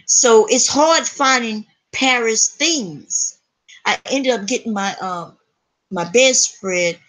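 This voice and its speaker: A woman hosting a live stream, telling a story to her chat in an animated, profane way and laughing often. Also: a little high, slow.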